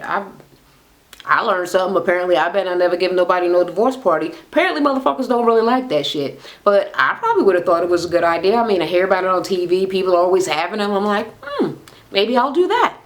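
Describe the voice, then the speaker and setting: A woman's voice: lowish voice, fast. A woman ranting casually about a reality show, sassy and swearing freely, acting out what people said. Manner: animated, sassy, swears freely, acts out quotes. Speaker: reality TV recap vlogger. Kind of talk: casual profane recap rant.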